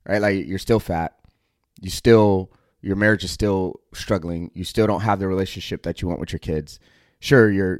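A man's voice: low voice, a little mellow, no echo, clean studio sound. A middle-aged American man hosting a podcast, delivering a blunt, aggressive motivational monologue full of profanity. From United States. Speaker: podcast host.

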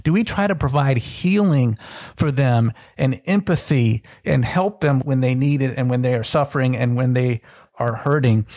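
Gravelly man in reflective devotional talk. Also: medium pitch, darkish tone, no echo, clean studio sound. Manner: reflective, asks searching questions. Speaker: podcast co-host teaching on scripture. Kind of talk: devotional Bible teaching.

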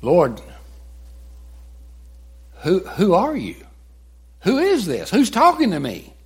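A man's voice: on the low side, slow pace, a bit bright, slightly rough, exaggerated voice. A man voicing a furious young male persecutor with urgent, stammering speech. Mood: terrified.

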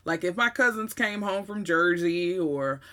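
A woman's voice: on the low side, expressive, a little slow, sharp tone. A woman with a Southern US accent telling a personal story in a conversational way, with emphatic asides. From Southern United States.

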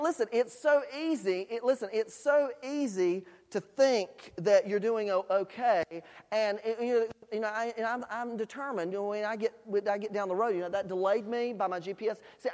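Folksy male preacher in a reverberant church. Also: sits high. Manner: folksy, animated storytelling with asides to the congregation. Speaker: pastor. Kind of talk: sermon. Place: church sanctuary. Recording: long hall reverb in a church.

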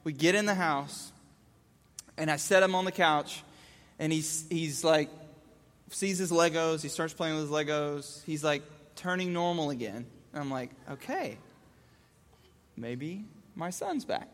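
A man in his thirties telling a comic story about his young son, animated and jumping between voices. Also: a little high, a little slow. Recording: echoey hall.

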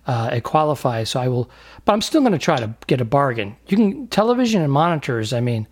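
A man's voice: mid-range voice, very animated, quick pace, husky. A man co-hosting a casual comedy podcast, rambling and laughing often as he chats. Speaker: podcast co-host.

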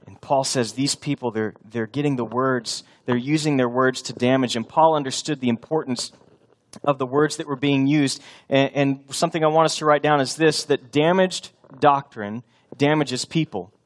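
A male pastor preaching a sermon, emphatic and animated, slipping into acted-out voices for imagined scenes. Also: medium pitch, normal speed.

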